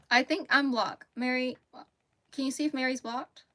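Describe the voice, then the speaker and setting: Bright chatty woman. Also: high-pitched. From Mississippi, US. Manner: chatty, laughs easily, rambling asides. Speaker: crochet livestream host. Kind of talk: casual livestream chat. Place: home closet.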